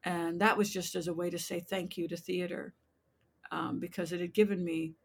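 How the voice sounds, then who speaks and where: A woman in her sixties from the United States, a playwright telling animated stories in an interview and acting out voices as she goes. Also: on the low side, normal speed, gravelly, breathy edge. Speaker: playwright guest. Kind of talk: interview storytelling.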